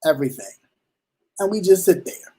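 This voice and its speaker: A man's voice: high-pitched, normal speed, husky. Chatty man hosting a talk show. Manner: animated, slangy, acts out little dialogues. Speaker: show host. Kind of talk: casual commentary.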